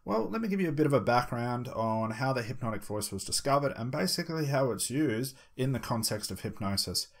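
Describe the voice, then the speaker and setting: A man teaching voice techniques for hypnosis, moving between his normal talking voice and a slow, measured delivery with deliberate pauses. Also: medium pitch, lively intonation. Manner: shifts into slow, measured pauses when demonstrating. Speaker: hypnosis instructor. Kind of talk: instructional talk.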